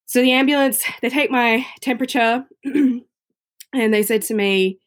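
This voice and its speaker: A woman's voice: on the high side, a little slow. Chatty woman telling her story. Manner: chatty, frequent "you know" fillers. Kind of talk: casual personal storytelling.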